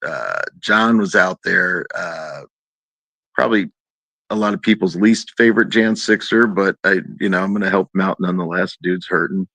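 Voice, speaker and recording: A man's voice: normal speed, vocal fry, no room sound. A man telling a long story in a casual chat, acting out quoted people in a raised voice. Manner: animated, acts out quoted voices in a higher pitch.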